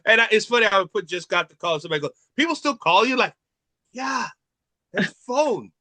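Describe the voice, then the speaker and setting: A man's voice: high voice, unhurried, no echo. A man from Nigeria, a comedian chatting casually and acting out the people in his stories. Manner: animated, acts out quoted voices in his stories. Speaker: comedian and podcast co-host. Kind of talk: casual chat, storytelling.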